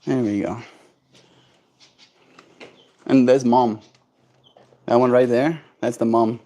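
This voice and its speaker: A man's voice: mid-range voice, steady tone, slow, dark tone. A man streaming a daily vlog, talking in a laid-back, slangy, chatty way. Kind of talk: casual vlog commentary.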